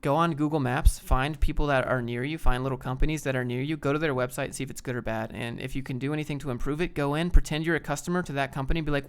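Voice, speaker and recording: Higher-pitched man with a smooth voice. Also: fairly even intonation, fast, hardly any pauses. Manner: laid-back, chatty, rambling advice. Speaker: streamer answering viewer chat. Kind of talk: casual live-stream chat.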